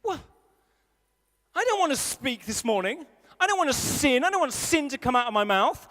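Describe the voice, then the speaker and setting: Guy preaching, funny self-mocking story, pretty high voice, big echoey hall. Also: very animated, moderate pace, pushed and bright. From England. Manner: self-deprecating storytelling, acts out his own grumpy mutter and his wife's fussing. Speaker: pastor. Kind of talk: sermon. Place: large school hall. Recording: long hall reverb.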